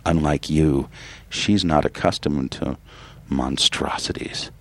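A man reading the lines of a stiff, detached dwarf count in a slow, low, impassive way. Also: fairly even intonation, fairly bright tone, exaggerated voice. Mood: cool, detached.

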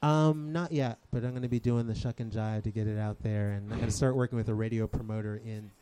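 A man's voice: on the low side, steady tone, fast talker, dark tone, clear, resonant tone. A man being interviewed as a musician guest, talking casually with a hesitant, rambling manner and frequent laughs.

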